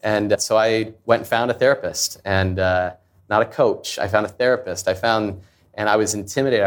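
A man in his thirties, a company founder, telling a personal story in an interview in an earnest, confessional way. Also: lowish voice. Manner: earnest, confessional, acts out quoted voices. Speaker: founder and CEO, guest.

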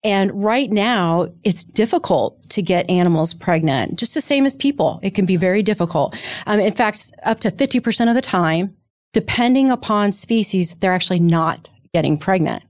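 A woman, a startup founder, answering questions in an interview in a lively, explanatory, conversational way. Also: mid-range voice, normal speed, dry recording, studio quality. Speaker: guest, startup co-founder and CEO.

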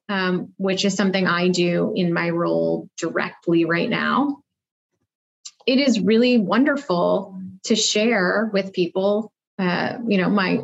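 Woman, marketing executive guest, upbeat conversational answers, mid-pitched, muffled lo-fi sound. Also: vocal fry. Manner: upbeat, thinking aloud with frequent fillers.

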